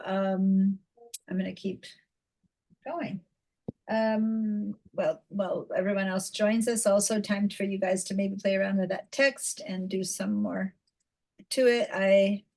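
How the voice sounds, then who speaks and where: A woman's voice: medium pitch, a little mellow, poor audio. A woman teaching a design class over a video call, chatty, with many fillers and restarts. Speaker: design instructor. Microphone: computer mic on video call.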